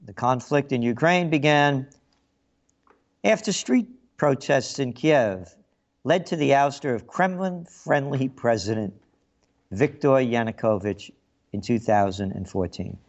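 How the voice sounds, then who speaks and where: A man's voice: medium pitch, animated, unhurried, dull audio. A man hosting a talk radio show, delivering a sarcastic, facetious monologue with a frog in his throat.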